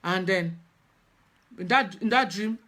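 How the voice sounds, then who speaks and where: Her voice sits in the mid-range with a fairly bright tone. A Yoruba-speaking spiritual practitioner of middle age, she shares a personal story earnestly but haltingly, often starting her sentences over.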